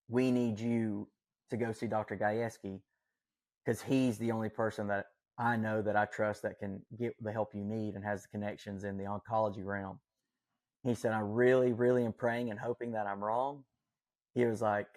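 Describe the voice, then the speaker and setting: A podcast guest shares a personal story in casual, earnest, rambling fashion, filling it with fillers and self-corrections. His voice is lowish and a little mellow.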